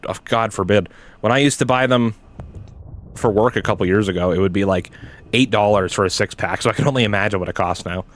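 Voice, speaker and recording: Rambling young man gamer. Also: lowish voice. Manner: rambling, swears a lot, says "like" and "dude" often. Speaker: gaming streamer. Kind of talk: casual gameplay chat.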